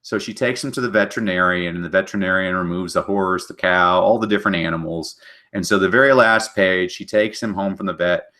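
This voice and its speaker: Animated man giving book talks. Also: low voice. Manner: animated storyteller, does quick character voices. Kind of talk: energetic webinar presentation.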